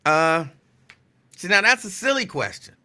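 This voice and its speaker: A man's voice: high-pitched, sing-song, a little slow, bright, forceful tone. A man hosting a casual talk stream, chatting loosely, reacting to viewer comments and repeating phrases for emphasis. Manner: chatty, digressive, answers chat comments. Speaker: talk show host.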